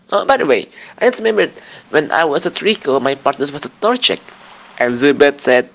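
Young guy rambling thru a game video, cusses, lively up and down voice. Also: a little high, normal speed, vocal fry, a little hiss or hum. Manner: rambling, swearing, scatterbrained. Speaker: lets-play host. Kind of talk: casual game commentary.

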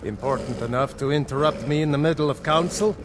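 A man's voice: a little high, fast, a crowd in the background, close to an everyday voice. A man voicing a stern, commanding ruler. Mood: imperious. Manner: commanding, formal. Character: stern male ruler holding council. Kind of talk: video game voice acting.

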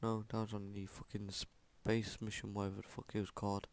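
A young man shouting, laughing and swearing through panicky let's play commentary. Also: fairly low pitch, completely flat delivery, a little fast, noisy background. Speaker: gaming channel host. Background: game music.

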